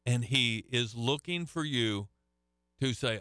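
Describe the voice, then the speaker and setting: A middle-aged man preaching a sermon with a bright, crisp voice. He tells folksy stories and keeps restarting his phrases. The sound is dry and close. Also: medium pitch, slow, dry recording. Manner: folksy storytelling with frequent restarts. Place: church hall with a live audience.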